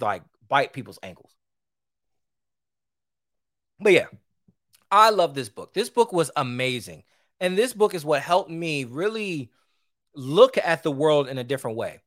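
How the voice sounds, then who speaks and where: A man hosting his own podcast, giving heated, opinionated solo commentary that swings between loud outbursts and low asides. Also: no room sound, clean studio sound. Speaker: podcast host.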